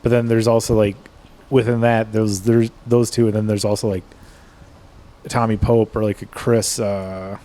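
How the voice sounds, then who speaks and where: A man's voice: fairly low pitch, little pitch movement, normal speed, warm tone. A man co-hosting a podcast in casual chat, often trailing off, blunt and profane. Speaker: podcast co-host.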